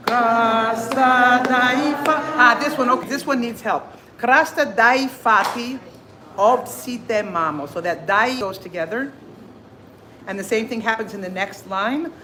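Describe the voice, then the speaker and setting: A woman teaching a group singing class, singing lines and then coaching in quick, chatty, self-deprecating asides. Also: mid-range voice, animated, fairly bright tone, slight background noise.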